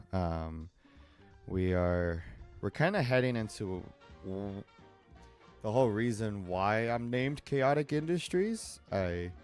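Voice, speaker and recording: A man's voice: fairly low pitch, darkish tone. A man live-streaming as he draws, chatting casually in a rambling, digressive way and laughing often. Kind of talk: casual chat while drawing.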